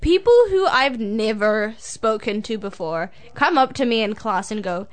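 A woman's voice: on the high side, animated, a little slow. A teenage girl, telling a school story in casual chat and laughing often. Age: teens. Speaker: student storyteller.

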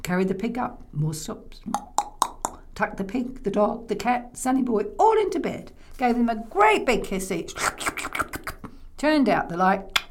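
Here a woman voices a children's tale in the oral tradition, full of playful vocal sound effects and prompts for the audience to chime in. Her pitch is medium, and the recording carries a little hiss or hum.

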